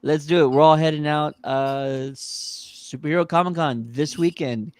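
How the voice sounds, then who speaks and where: A man's voice: on the high side, steady tone, unhurried, a little mellow, clean tone, dry recording. A man hosting a podcast in casual chat, upbeat and promotional, with frequent restarts. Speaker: podcast host.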